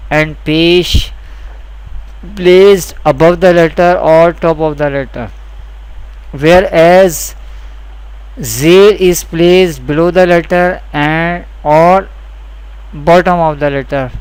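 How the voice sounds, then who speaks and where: A man teaching a beginner's Quran reading lesson, repeating each rule slowly and carefully, with a South Asian English accent. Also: fairly high pitch, fairly even intonation, clean tone, rough recording. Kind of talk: slow instructional lesson.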